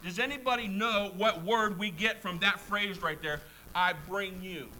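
A man's voice: high voice, measured pace, sharp tone, slight background noise, low-quality recording. A man preaching a sermon, emphatic, repeating key words and putting questions to the congregation. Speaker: pastor.

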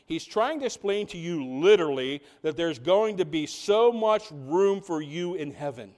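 A man's voice: a little high, animated, moderate pace, darkish tone. A man preaching a sermon in a church, full of rhetorical questions and building emphasis. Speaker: pastor. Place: church sanctuary.

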